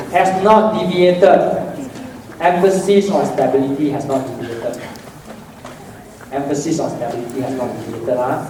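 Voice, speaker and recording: A male teacher lecturing a class, drilling points by repetition and tagging lines with "ah". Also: on the high side. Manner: drilling repetition with frequent "ah" tags. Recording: very echoey classroom, mic far off, faint noise.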